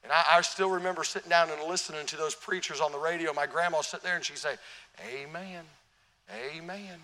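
Bright, animated preaching man. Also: a little high, fast. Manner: animated, humorous storytelling, asks the congregation questions. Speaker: pastor. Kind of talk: sermon. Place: church sanctuary. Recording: long church reverb.

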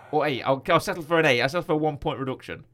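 A man's voice: on the high side, quick pace, fairly bright tone. A man co-hosting a casual film review podcast, playful and teasing, rambling with frequent restarts. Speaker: podcast co-host.

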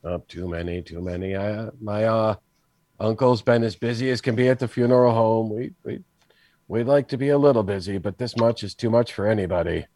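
A man's voice: lowish voice, brisk, darkish tone, no room sound, lightly acted. A man voicing a weary, folksy village coffin maker in a wobbly put-on Scottish accent. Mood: somber.

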